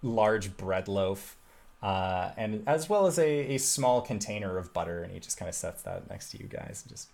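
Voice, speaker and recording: A man narrating as the game master of a tabletop game, loose and halting with many fillers. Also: fairly low pitch, lively intonation, creaky, a little mellow.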